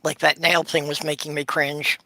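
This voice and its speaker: A man with a bright, somewhat high voice gives measured, earnest opinions in a casual chat. The sound is dry and close. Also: flat delivery, dry recording, poor audio.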